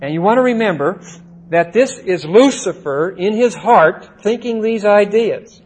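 Slow, deliberate man teaching scripture. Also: sits high, animated, darkish tone, slightly rough, low-quality recording. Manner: deliberate, checks in with "see?" and "okay?"; stresses single words by slowing and rising. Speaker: Bible teacher. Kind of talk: verse-by-verse Bible teaching.

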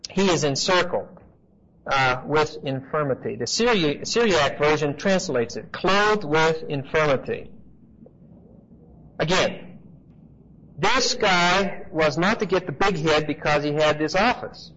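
Higher-voiced male Bible teacher, lo-fi recording. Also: animated, a little slow, fairly bright tone. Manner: conversational, emphatic, checks in with the class. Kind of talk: expository Bible teaching to a class. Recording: dull lo-fi recording with faint hiss.

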